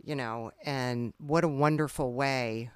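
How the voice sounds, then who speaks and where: Host, unhurried delivery, smooth voice, dry close mic. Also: mid-range voice, steady tone, dry recording. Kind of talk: interview questions.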